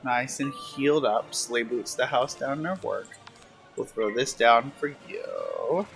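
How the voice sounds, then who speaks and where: A man chats his way through a game from his bedroom, sassy and teasing. His pitch swings widely while the words come slow and drawn out. Faint music plays underneath. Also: sing-song, vocal fry, a bit bright. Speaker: streamer. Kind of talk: casual gameplay commentary. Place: at home in his room.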